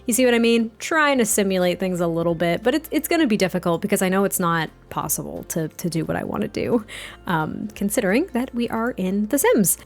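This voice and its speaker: A woman's voice: mid-range voice, expressive, a little fast. A woman hosting a let's play, chatting and giggling as she narrates a life-sim game story. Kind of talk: casual game commentary and storytelling.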